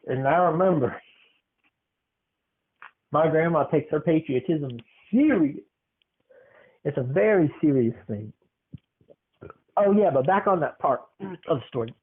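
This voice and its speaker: A man's voice: on the high side, expressive, a little slow, pauses often, breathy edge. Rambling male storyteller on a tinny line. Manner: meandering, full of fillers and restarts. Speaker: podcast host. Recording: tinny phone-like sound.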